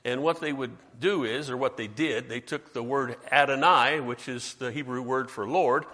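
A man's voice: medium pitch, moderate pace, pushed and bright. A man preaching a sermon in a conversational way, quizzing his congregation and slipping in joking asides. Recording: long hall reverb.

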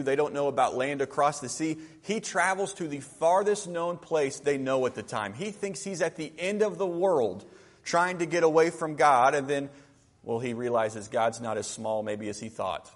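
A man preaching a conversational sermon, often asking his listeners questions. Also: fairly high pitch.

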